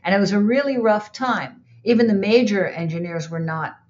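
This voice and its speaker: A woman's voice: medium pitch, normal speed, highs cut off. An older woman, a former recording engineer and re-recording mixer, tells studio stories in a casual interview and acts out the quotes. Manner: animated, acts out quotes in others' voices.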